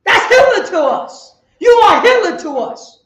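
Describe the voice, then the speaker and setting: Woman street preacher, pretty high voice, lots of why this why that, yells now and then, echoey sound. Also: sing-song, unhurried. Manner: rhetorical questions, bursts of shouting.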